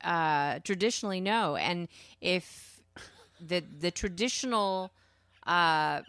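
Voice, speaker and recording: A woman's voice: fairly low pitch, lively intonation, takes it slowly, a bit bright, dry recording. A woman co-hosting a talk show, chatting, teasing and cutting in during casual banter. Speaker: podcast co-host.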